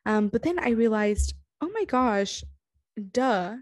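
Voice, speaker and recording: A woman's voice: on the high side, animated, slow, no room sound, studio quality. A young woman hosting her own podcast alone, sleepy, chatting casually with lots of fillers and self-deprecating restarts. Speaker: podcast host. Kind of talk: casual solo podcast monologue. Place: home, on a couch.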